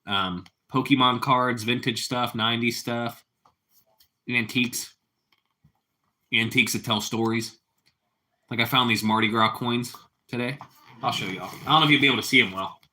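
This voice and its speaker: A man hosting a relaxed live stream, talking in a loose, rambling way to his audience. His voice has a bright, forward edge at an ordinary pitch. He drifts easily from one small remark to the next. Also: normal speed, long pauses. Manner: relaxed, rambling, chats with viewers and his cat. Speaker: livestream host. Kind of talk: casual live-stream chat.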